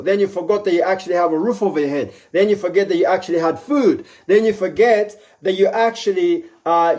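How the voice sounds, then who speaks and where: Male motivational speaker, somewhat high voice, emphatic, repeats key lines. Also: a little mellow. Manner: acts out quoted voices with pitch jumps. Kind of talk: live motivational talk.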